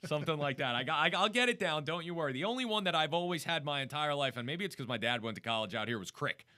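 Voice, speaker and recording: A man's voice: fairly high pitch, expressive, sharp tone. A man with a North Jersey accent hosting a sports show, chatting casually and reading off scores. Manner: chatty, reads off scores quickly.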